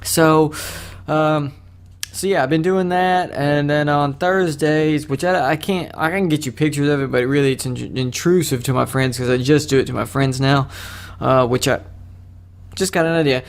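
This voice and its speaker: A young man with a slightly high voice rambles through a solo podcast, joking crudely at his own expense. His talk is loose and casual, full of restarts and asides. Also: steady tone, normal speed. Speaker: podcast host.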